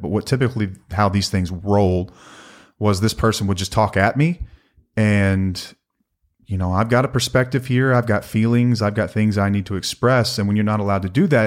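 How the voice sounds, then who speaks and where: A man with a low-pitched voice co-hosts a relaxed conversational podcast. He is middle-aged and speaks in an earnest, measured way, with a playful, teasing streak. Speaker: podcast co-host.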